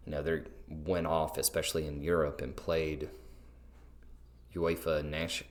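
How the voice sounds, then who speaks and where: A man's voice: very deep voice, flat delivery, measured pace. A man co-hosting a football podcast, chatting in an easygoing way with jokey asides. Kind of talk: casual sports chat.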